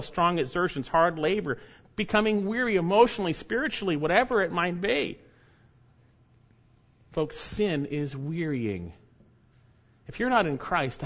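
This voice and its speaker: A man preaching a sermon in a mid-range voice. He presses hard on key words, then drops to hushed, quiet lines. The recording sounds dull and lo-fi. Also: mid-range voice. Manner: emphatic, swings from loud stresses to hushed lines.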